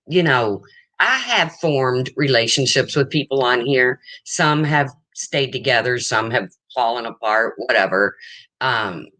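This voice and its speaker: Older woman, livestream host, low voice often taken for a man's, bright and sharp tone, lively pitch, blunt and rambling. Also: dry recording. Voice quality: low, husky-sounding voice, often mistaken for a man's. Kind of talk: casual livestream chat.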